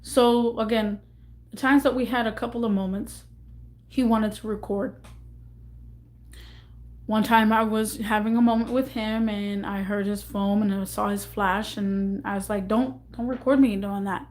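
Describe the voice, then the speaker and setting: A young woman vlogger telling an emotional storytime, halting and repeating herself as she rambles through it. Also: mid-range voice, steady tone, a little mellow.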